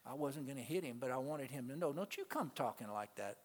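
A male pastor preaching a sermon to his congregation, swinging between loud, emphatic peaks and quiet asides and calling out to the people in the pews. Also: mid-range voice, animated, quick pace. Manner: calls out to the congregation. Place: church sanctuary. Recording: long reverb of a large hall.

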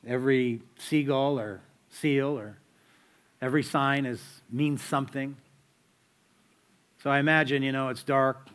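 A man's voice: medium pitch, clean tone. A man preaching a sermon in a conversational, storytelling way, full of rhetorical questions to the listeners. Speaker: pastor.

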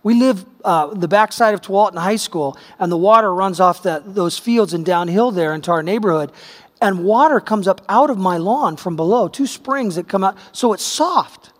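A man's voice: high-pitched, normal speed, big-room sound. A middle-aged man preaching a sermon, telling a personal story in a conversational way that builds to emphatic peaks. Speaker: pastor.

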